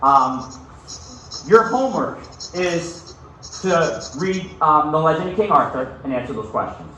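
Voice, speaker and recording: An unhurried male teacher reads a novel to his class and then chats about it, regularly checking in with "okay?" His voice is fairly high, sharp, and lively in intonation, recorded far from the mic in a very echoey room with slight background noise.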